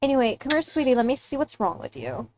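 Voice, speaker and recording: A woman's voice: on the high side, big pitch swings, fast, darkish tone, pitched above the performer's own voice. Woman doing a dry, unbothered mother healer. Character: weary mother healer, matter-of-fact.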